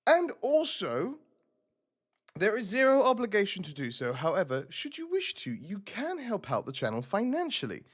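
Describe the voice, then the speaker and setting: Male game streamer, chatty and self-deprecating, with a lively, animated delivery. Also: sits high, fairly quick, few pauses. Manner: rambling, self-mocking, chatty. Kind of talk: casual game stream chat.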